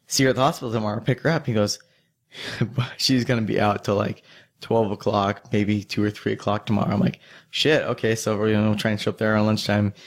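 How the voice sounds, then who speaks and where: A man's voice: lowish voice, level tone, a little fast. A young man telling a long drinking story in casual chat, rambling, swearing and laughing as he goes.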